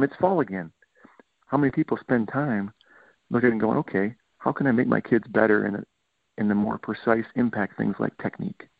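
On a dry, tinny, phone-like recording, a middle-aged Michigan football coach with a mid-range voice and vocal fry gives a podcast interview. He tells his stories with energy, performing the things his players said.

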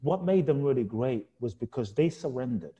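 A man's voice: medium pitch, lively intonation, normal speed, warm tone, muffled recording. A middle-aged man, a guest author in an interview, telling a reflective personal story in an earnest, heartfelt way and repeating key words for emphasis.

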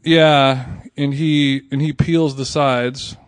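A man's voice: mid-range voice, fairly even intonation, takes it slowly, dry recording. Laughing man hosting a food podcast. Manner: rambling, laughs often, trails into restarts. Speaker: podcast host. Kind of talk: casual chat.

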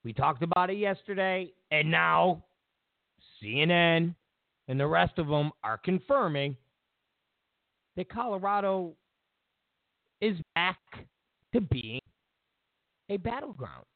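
A man hosting a political commentary show, ranting in a mocking, animated way over a phone line. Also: high-pitched, a little slow, gravelly, long pauses, no room sound. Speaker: host.

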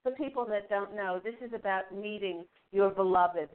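A woman hosting a spiritual call-in radio show, talking to callers in a gentle, affirming way. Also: medium pitch, moderate pace. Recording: tinny phone-line sound.

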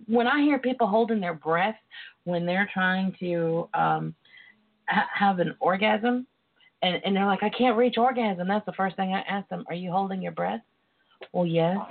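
A woman guest on an interview show, talking in an earnest, emotional way and calling her listeners darlings. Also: medium pitch. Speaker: guest author and sex educator. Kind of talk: casual call-in interview talk. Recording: tinny phone line.

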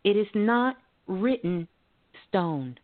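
A woman's voice: mid-range voice, slow pace. Phone-line woman radio psychic host. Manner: calm, coaching tone with folksy, chatty asides. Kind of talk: call-in radio talk, spiritual advice. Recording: phone-like narrow audio.

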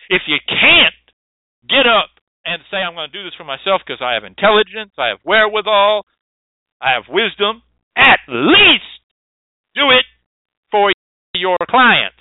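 A man's voice: medium pitch, no room sound. A man hosting a show and lecturing bluntly, with swearing and preachy emphasis. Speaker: host and hoodoo teacher. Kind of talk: lecturing monologue. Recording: dry, tinny phone-like sound.

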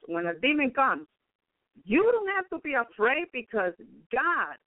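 A high-pitched man gives a rambling radio sermon and returns again and again to praise and to his brothers and sisters. The sound is dry and narrow, like a phone call. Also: no room sound. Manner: rambling, peppered with praise interjections. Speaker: radio preacher. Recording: tinny phone-like radio line.

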